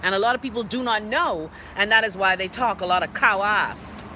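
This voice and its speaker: A woman's voice: medium pitch, brisk, sharp tone, slight background noise. A Bahamian woman hosting a live online show, chatting casually and outspokenly as she reads viewer comments aloud. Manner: chatty and outspoken, with playful dialect asides. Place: indoors.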